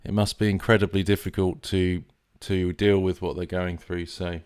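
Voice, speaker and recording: A man's voice: low-pitched, little pitch movement, normal speed, a little mellow, clean tone. A man from near London with an English accent, hosting a live stream in a casual, rambling way with many fillers and restarts. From England, near London.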